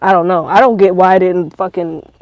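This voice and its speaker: A woman's voice: on the low side, fairly quick, no room sound, highs cut off. Profane, rambling woman vlogger. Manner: profane, rambling, animated storytelling. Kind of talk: casual storytelling monologue.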